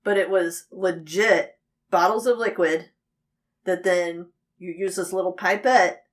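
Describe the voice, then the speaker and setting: A woman in her late thirties co-hosting a casual podcast chat, an animated storyteller who acts out the people she quotes. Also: fairly low pitch, unhurried. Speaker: podcast co-host.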